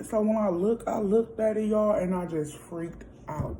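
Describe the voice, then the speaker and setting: Woman vlogger, casual storytime at home, warm mellow tone, faint room hum. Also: mid-range voice, a little slow, hardly any pauses, low-quality recording. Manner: chatty, animated, addresses viewers directly. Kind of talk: casual storytime while eating.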